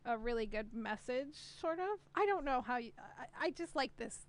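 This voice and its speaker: A woman's voice: fairly high pitch, animated, normal speed. A woman co-hosting a casual gaming podcast, chatty, swearing freely and laughing often. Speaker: podcast co-host.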